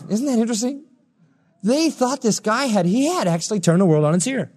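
A male preacher with a high, very lively voice that leaps up whenever he acts out a quote. He speaks in a long-reverb hall. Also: brisk. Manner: animated, acts out quoted lines in raised voice. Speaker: pastor. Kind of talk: sermon.

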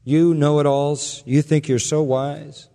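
Man, pastor, emphatic sarcastic sermon, slightly high voice, echoing church hall. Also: level tone, takes it slowly, vocal fry, warm tone. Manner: sarcastic, emphatic preaching with rising intensity. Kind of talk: expository sermon.

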